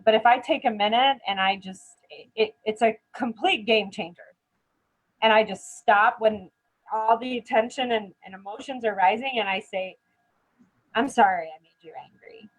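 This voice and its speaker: In a live-streamed training chat, a middle-aged woman teaches dementia care, earnest and chatty, often checking in with "right?" Her voice sits on the high side at normal speed, and the recording quality is low.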